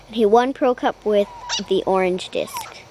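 A young girl casually commentating her pet game, rambling and chatty, cooing in a high voice at her puppy. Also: animated, unhurried, dark tone, a little hiss or hum, rough recording. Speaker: gaming vlogger.

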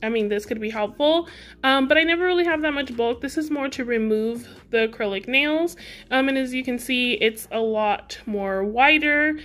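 High-voiced chatty woman vlogger. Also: moderate pace, a bit bright, faint music behind. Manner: chatty, giggly, talks to viewers directly. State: out of breath. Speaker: beauty vlogger. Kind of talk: casual product haul chat.

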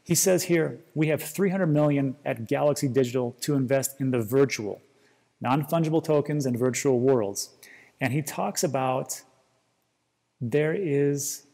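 A man's voice: mid-range voice, unhurried, vocal fry, warm tone, big-room sound. A man hosting a casual crypto commentary, rambling and restarting often as he reads quotes aloud. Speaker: crypto video host.

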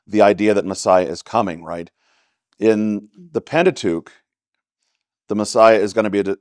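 Low-voiced pastor teaching Bible study. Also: male voice, dry recording, clean studio sound. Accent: Texan. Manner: conversational teaching, rhetorical questions with "right?". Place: church classroom.

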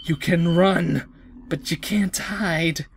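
A woman doing a sneering, menacing madman. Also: slight background noise. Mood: gloating. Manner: low, slow, sneering threats. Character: menacing young man gone mad, domineering. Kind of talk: voicing game dialogue in a let's play.

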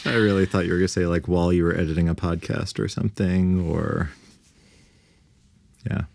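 A man on a late-night podcast chat, slow and encouraging, murmuring agreement often. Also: sits low, fairly even intonation, creaky, a little mellow, no echo. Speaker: podcast guest.

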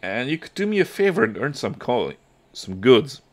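A man's voice: medium pitch, big pitch swings, normal speed, voice pushed up. A man voicing a shrewd, fatherly village elder who talks persuasively.

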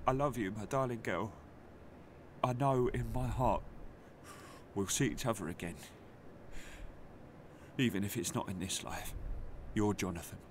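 A man voicing a man's farewell letter to his wife, tender and halting, with game ambience clearly behind. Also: mid-range voice, noisy background.

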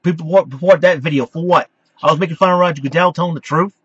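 A man's voice: fairly high pitch, steady tone, very fast, fairly bright tone, husky, no echo, dull audio. A man giving an angry, indignant vlog rant, repeating himself and stammering as he addresses his critics.

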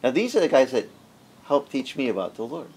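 Animated storytelling pastor, man. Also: medium pitch, brisk, slightly rough. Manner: animated storyteller, acts out quoted voices; conversational with frequent restarts. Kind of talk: storytelling sermon.

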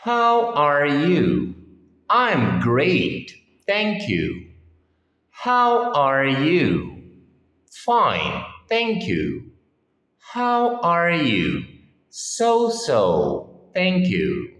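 A man reading English phrases for a lesson, one at a time with pauses and frequent repeats. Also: a little high, wildly swooping pitch, a bit bright. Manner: reads each phrase on its own with pauses, often repeating it. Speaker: English teacher. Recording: echoey room with long reverb.

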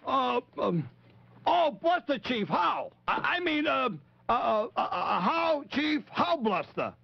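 Fretful puppet, very high, gravelly, lively swoops, dull old TV audio. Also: male voice, slow, exaggerated voice. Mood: nervous stammering. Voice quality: high creaky raspy voice. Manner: stammering, fretful. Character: timid nervous male puppet posing as a chief. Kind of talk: 1950s children's TV puppet show.

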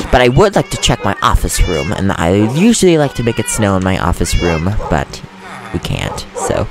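A man casually commenting on his own gameplay, goofy and chatty, giggling often and getting jumpy and nervous. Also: deep voice. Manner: jumpy, nervous about threats. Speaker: gaming channel host. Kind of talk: Let's Play commentary.

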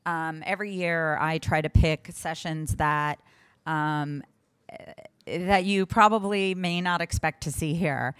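A woman introducing her conference session in a loose, halting, rambling way. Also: low voice, fairly bright tone, clean tone, dry recording. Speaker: session organizer and moderator. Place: conference stage.

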